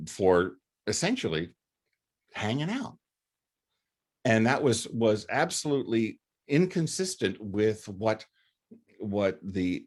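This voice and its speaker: A man giving a faculty lecture in an earnest, conversational way, often restarting his phrases. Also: fairly low pitch. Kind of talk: recorded lecture.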